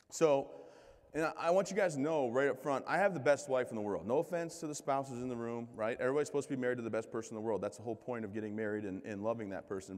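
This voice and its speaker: A man in his thirties from Michigan, giving a comic, self-mocking keynote speech with lively crowd banter. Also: medium pitch. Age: 30s. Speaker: keynote speaker. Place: large conference hall. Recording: long hall reverb.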